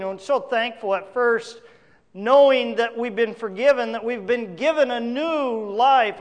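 High-voiced preacher man in a hall. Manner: emphatic preaching with dramatic swings in volume. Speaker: pastor. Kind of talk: sermon.

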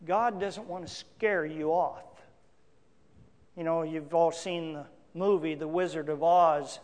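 A male pastor preaching a sermon, emphatic, with big swings between loud declarations and quiet asides. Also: on the high side, fairly even intonation, slow, big-room sound.

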